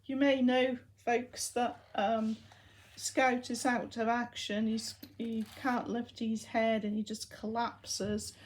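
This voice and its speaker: A woman's voice: a little high, little pitch movement, slow, slight background noise. A woman giving a casual vlog update, chatty and fondly talking to her robot dogs in between. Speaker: vlogger.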